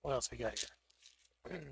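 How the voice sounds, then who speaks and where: A man's voice: mid-range voice, unhurried, vocal fry, husky, no echo. A man hosting a board game stream, chatting casually and thinking aloud as he sets up pieces for a solo game. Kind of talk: casual solo play-through commentary.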